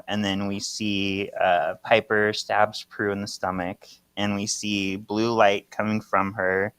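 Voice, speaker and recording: A man's voice: fairly low pitch, flat delivery, slow pace, hardly any pauses, a bit bright, smooth, dry recording. A man co-hosting a podcast, casually recapping a comic and laughing often while reading it out. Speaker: podcast co-host.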